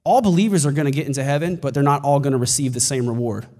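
A man preaching a sermon as pastor, emphatic and rising to shouts. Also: mid-range voice, rapid-fire, in a large hall.

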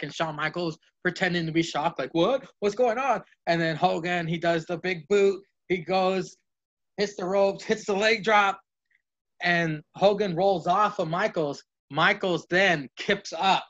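A man's voice: fairly high pitch, a bit bright. A man co-hosting a casual wrestling podcast, rambling and profane, acting out what the wrestlers would say. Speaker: podcast co-host. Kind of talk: casual chat, wrestling fantasy booking. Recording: dull lo-fi podcast audio.

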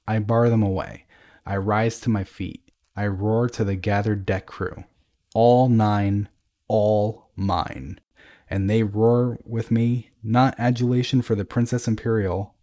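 A man reading a dramatic first-person story in a grave, measured way. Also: fairly low pitch, a little mellow.

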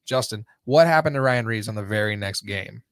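A man's voice: on the low side, fairly quick, dry recording, clean studio sound. A man hosting a casual podcast, rambling with lots of filler words and frequent laughter. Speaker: podcast host. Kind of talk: casual chat.

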